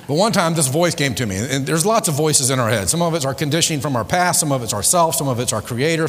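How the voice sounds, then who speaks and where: A man giving a live motivational seminar talk with spiritual themes to an audience. He is emphatic and repetitive and keeps quizzing the audience. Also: a little high. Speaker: motivational speaker. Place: large hall before a live audience. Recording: echoey hall with long reverb.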